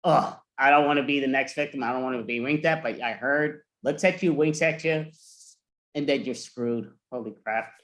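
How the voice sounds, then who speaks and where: A man telling spooky campfire rumors in an improv comedy scene over a video call, animated and mock-scared. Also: medium pitch, normal speed. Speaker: improv performer.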